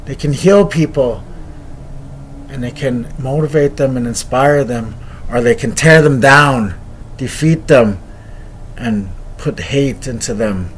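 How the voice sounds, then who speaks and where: A man's voice: mid-range voice, breathy edge. A man earnestly telling a story in a personal video, speaking in encouraging, repeated phrases. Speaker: motivational speaker.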